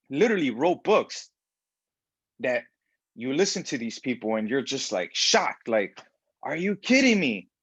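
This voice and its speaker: A man giving a motivational self-help talk in a preachy, animated way, acting out the voices of people he quotes. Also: fairly high pitch, no room sound. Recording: dull lo-fi sound.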